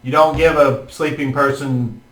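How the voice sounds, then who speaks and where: Male game master, descriptive and halting, recorded at a distance in a roomy space. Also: medium pitch, steady tone, a bit bright. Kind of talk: narrating a tabletop game. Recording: roomy room, mic far off.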